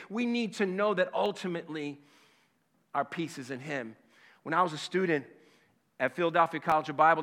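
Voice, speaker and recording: Impassioned preacher man, high voice. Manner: impassioned, emphatic preaching that drops to hushed storytelling. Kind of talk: sermon with personal story. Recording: long hall reverb.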